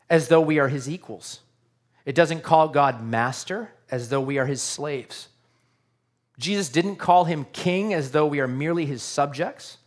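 A man preaching a sermon to his congregation in an earnest, conversational way, often asking rhetorical questions. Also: a little high. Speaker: pastor.

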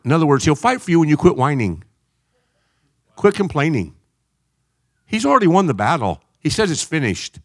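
A man preaching a sermon in an animated way, jumping between loud shouts and quiet asides. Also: fairly high pitch, normal speed, pauses often, no room sound, studio quality.

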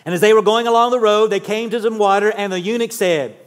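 A man's voice: sits high, fast, in a large hall. A man, preaching a sermon in a conversational way and often asking the congregation questions. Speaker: pastor. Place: church sanctuary.

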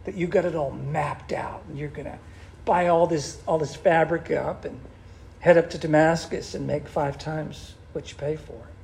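A man preaching a sermon in an animated, conversational way, with a gravelly voice. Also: on the high side, normal speed, slight background noise. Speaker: pastor.

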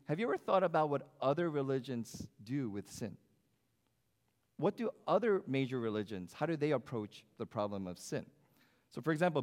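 Asking questions of his congregation, a pastor delivers a conversational sermon in a church sanctuary. His mid-range voice is a little mellow, and long hall reverb fills the recording.

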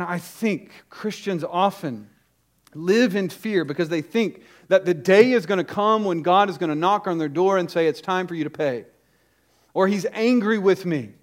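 A man preaching a sermon to his congregation with emphatic, urgent delivery, hitting key words hard and dropping into quick asides. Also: on the high side. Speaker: pastor.

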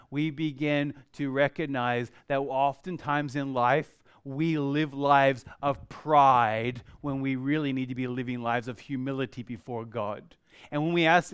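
A middle-aged man preaching a sermon in a church, acting out the quoted voices and swinging from loud to very quiet. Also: on the high side, smooth, dry recording, clean studio sound. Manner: dramatic, acts out quoted voices, varies loudness widely. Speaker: pastor.

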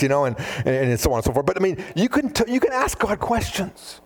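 A man preaching a sermon, animated, often acting out biblical dialogue in different voices. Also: sits high, fast talker, hardly any pauses. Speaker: pastor.

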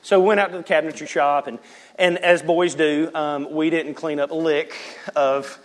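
A male pastor preaching in a conversational way, telling a personal story with joking asides and quick restarts. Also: a little high, fairly even intonation, slight background noise.

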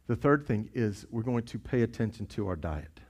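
A man's voice: fairly low pitch, animated, normal speed, darkish tone, breathy edge. A man preaching a sermon as pastor, impassioned and urgent, often repeating himself for emphasis. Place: church sanctuary.

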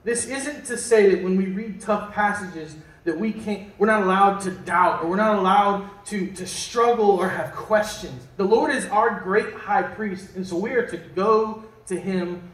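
A man's voice: high-pitched, unhurried, hardly any pauses. A man preaching a sermon as pastor, in a conversational way that puts questions to the congregation and slips in jokes. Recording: echoey room from a distant mic.

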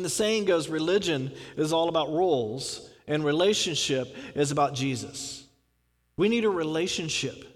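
A man with a high voice preaches a sermon, talking in a casual, animated way. He often asks rhetorical questions and fills his talk with little asides. His voice rings out with a long hall reverb. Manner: animated, conversational, with frequent filler phrases and rhetorical questions.

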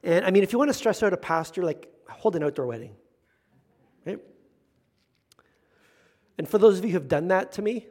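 A man with a high, light voice preaches a sermon in a relaxed, conversational way. He's a middle-aged pastor who slips into other people's voices to act out what they say. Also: moderate pace, long pauses, slightly rough.

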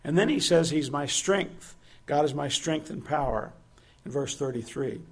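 A man's voice: on the high side, normal speed. A man preaching a sermon, earnest and asking his listeners direct questions.

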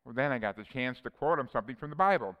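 A man delivers an earnest sermon, reading scripture aloud between plain personal asides. His voice is smooth and resonant at an ordinary pitch, and a long reverb trails behind it in a church hall. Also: lively intonation, racing, lo-fi sound. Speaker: preacher.

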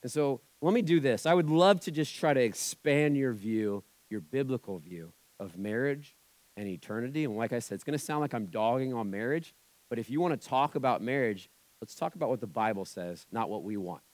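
A man's voice: mid-range voice, a little fast, a little mellow, no room sound. A man preaching a sermon as pastor, talking in a conversational style and acting out the voices he quotes.

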